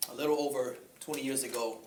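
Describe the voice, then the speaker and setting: A man giving an informal talk to a group, conversational, pausing often with fillers. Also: mid-range voice, fairly even intonation, a little mellow. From Chicago. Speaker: speaker. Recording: echoey room with faint ambient noise.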